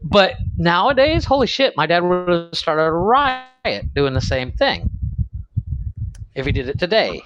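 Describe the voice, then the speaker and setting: A man's voice: sits high, big pitch swings, unhurried, fairly bright tone, no room sound. A middle-aged man from Ohio co-hosting a podcast, telling crude stories in casual chat and laughing often. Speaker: podcast co-host. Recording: dull lo-fi sound.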